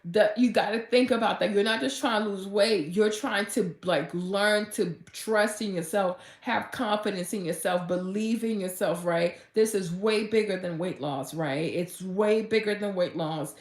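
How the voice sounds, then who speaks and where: A woman fitness vlogger talking casually and gushing with excitement, full of "like" fillers. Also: medium pitch, a little slow, few pauses, echoey room. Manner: gushing and chatty, heavy use of "like", and bursts of excitement. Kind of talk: casual motivational vlog talk.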